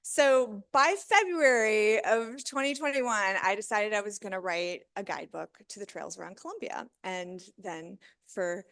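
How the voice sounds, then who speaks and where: A woman's voice: medium pitch, unhurried, gravelly, a bit bright. A woman in her thirties from Missouri, giving a casual, upbeat talk to an audience and laughing often.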